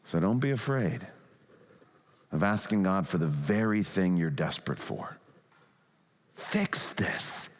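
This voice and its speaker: A man's voice: low-pitched, animated, normal speed. A man preaching a sermon as a pastor, earnest and pleading as he talks. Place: church sanctuary. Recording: long hall reverb.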